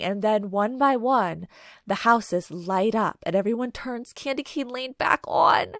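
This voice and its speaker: A woman chatting casually to camera while ranking movies, gushing and filling pauses with "um" and "like". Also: on the high side, lively intonation. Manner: chatty, gushing, many fillers. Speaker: video creator ranking movies. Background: faint background music.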